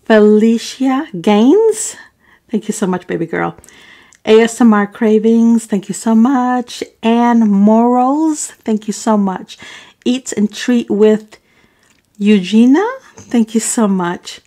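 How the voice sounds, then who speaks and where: Woman vlogger doing shout-outs, calls everyone baby boo, trips on names. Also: on the high side, takes it slowly. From Arab. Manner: stumbles over names. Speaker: mukbang vlogger. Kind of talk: casual shout-outs to viewers.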